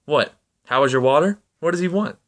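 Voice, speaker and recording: A flustered, breathless young woman with a raised, fluttery voice , as a man reading aloud puts her on. The pitch sits well above a man's normal speaking voice, and she stays soft and nervous throughout. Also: animated, a little fast, natural voice. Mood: puzzled.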